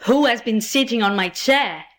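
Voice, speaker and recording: Big father bear in a storybook, cross and loud, read by a woman in her own fairly high voice. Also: lively intonation, normal speed. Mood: indignant. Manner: crying out indignantly.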